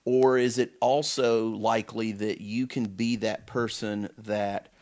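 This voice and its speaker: A man with a fairly low voice co-hosts a relaxed Bible study podcast. He walks through the scripture earnestly and keeps asking whether his partner follows him. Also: measured pace. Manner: earnest and explanatory, checks in with "you know what I'm saying". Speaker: podcast co-host. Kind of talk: casual Bible study discussion.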